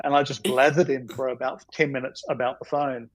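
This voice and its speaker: A man's voice: medium pitch, little pitch movement, fairly quick, a little hiss or hum, rough recording. A man, a storyboard artist telling stories on a podcast in a rambling, self-deprecating way. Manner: rambling, self-deprecating, many ums and you-knows.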